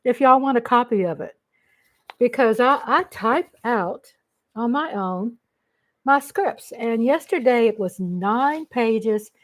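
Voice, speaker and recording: A woman's voice: on the high side, expressive, slow pace. Effusive Texan woman livestreaming. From Texas. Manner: gushing, effusive shout-outs to viewers. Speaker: livestream host. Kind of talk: casual livestream chat.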